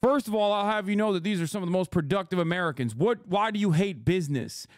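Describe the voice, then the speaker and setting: A man's voice: high voice, fast talker, no echo, studio quality, voice pushed up, natural voice. A man putting on the voice of a pompous, indignant right-wing pundit as a sarcastic parody. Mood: mock indignant. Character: blustering pro-business male right-wing pundit, mocking.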